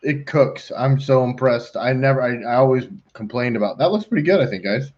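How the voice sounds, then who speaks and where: A man's voice: medium pitch, brisk, darkish tone, slight background noise. A middle-aged man hosting a live pool design call, joking and talking to himself as he works on the computer. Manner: joking, talks to himself while working. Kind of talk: casual chat while designing on a computer. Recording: dull lo-fi stream audio.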